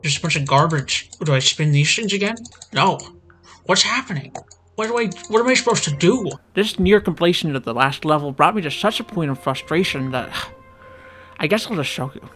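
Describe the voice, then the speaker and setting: A gaming channel host sits at his computer desk, narrating a playthrough into a desk microphone and ranting to himself as his exasperation builds. His voice is a little high and a bit bright, expressive, and moves at a moderate pace.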